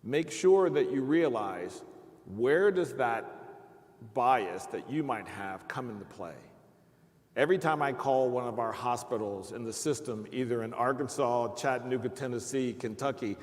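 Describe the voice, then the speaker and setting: A man's voice: mid-range voice, animated, a little slow. A man on a live panel telling his own stories earnestly, acting out the things people said to him. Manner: earnest storytelling, acting out quoted speech. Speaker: panelist, perioperative leader. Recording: reverberant hall.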